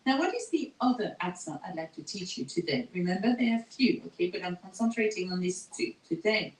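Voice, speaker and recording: A woman's voice: on the low side, animated. Patient woman teaching with "okay?". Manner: patient, repeats words slowly, tags "okay?". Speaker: French teacher. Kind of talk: recorded language lesson. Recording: echoey room, faint noise.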